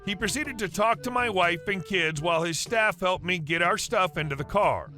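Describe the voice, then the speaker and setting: Bright high-pitched male story narrator. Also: normal speed, few pauses, faint music behind. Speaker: narrator of reddit stories.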